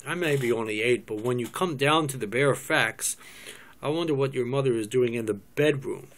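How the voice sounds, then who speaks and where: A man's voice: mid-range voice, moderate pace, close to an everyday voice. A man cold-reading a script, voicing a scheming eight-year-old girl who talks in a sly, knowing way.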